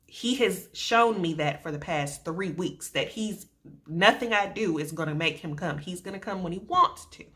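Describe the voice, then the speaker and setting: Young woman vlogger, animated storyteller, fairly low pitch, bright forceful tone, sarcastic edge. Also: normal speed. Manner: animated, colloquial, sarcastic asides. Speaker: vlogger telling her birth story. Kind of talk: casual storytelling to camera.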